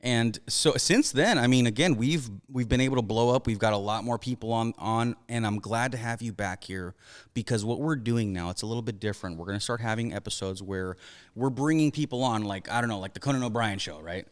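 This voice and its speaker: A man's voice: medium pitch, brisk, smooth, big-room sound. A young man hosting a podcast, chatting eagerly and enthusiastically. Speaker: podcast host. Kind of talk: casual podcast chat.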